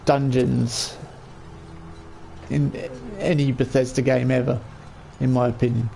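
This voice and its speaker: A man's voice: mid-range voice, little pitch movement, unhurried, gravelly, warm tone, a little hiss or hum. A man giving casual, chatty let's-play commentary while gaming, often chuckling and talking to his chat. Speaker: gaming streamer.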